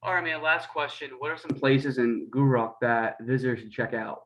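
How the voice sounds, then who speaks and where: A man's voice: mid-range voice, fairly even intonation, normal speed, fairly bright tone, low-quality recording. A man with an American accent, from Pennsylvania, interviewing a guest in easygoing casual chat. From Pennsylvania, United States.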